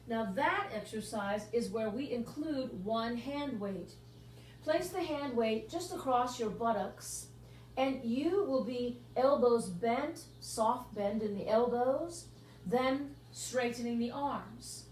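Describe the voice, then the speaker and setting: A woman with a fairly high voice leads a pilates workout, counting out kicks and stretches at an unhurried pace. She sounds a little far from the mic in a reverberant room, with a faint hum behind her. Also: animated. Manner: counts out moves with rhythmic cues. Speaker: pilates instructor. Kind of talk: guided workout instruction.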